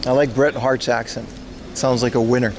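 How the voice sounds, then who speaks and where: A man's voice: mid-range voice, fairly even intonation, normal speed, noisy background. A man hosting a casual livestream outdoors on a city street, joking and answering his chat as he walks. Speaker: livestream host.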